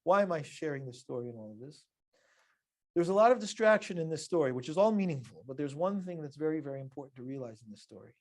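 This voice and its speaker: A man, a rabbi, teaching a religious lesson as an animated storyteller who laughs between lines. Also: fairly high pitch, fast.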